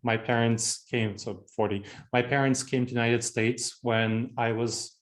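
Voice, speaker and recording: A man's voice: medium pitch, little pitch movement, a little slow. A man in his forties from Moldova with an Eastern European accent, giving a conversational leadership presentation and repeating key phrases for emphasis. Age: 40s. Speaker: keynote speaker.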